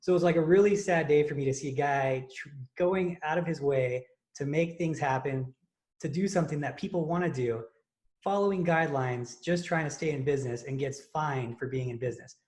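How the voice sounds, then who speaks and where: A man hosting a fitness podcast, telling a story in casual, excited chat full of fillers and restarts. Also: on the high side, a little fast. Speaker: podcast host and contest prep coach.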